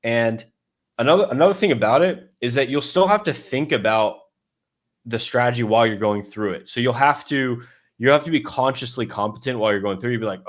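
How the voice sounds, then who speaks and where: A man's voice: mid-range voice, fairly quick. Casual man explaining a step-by-step system. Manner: loose and conversational, many fillers and restarts, acts out his own inner thoughts. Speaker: dating coach.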